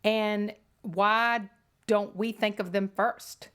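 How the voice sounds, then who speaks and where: A woman hosting a podcast, chatting with animated, enthusiastic reactions. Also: medium pitch, slow pace, clean tone. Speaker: podcast host. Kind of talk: casual interview chat.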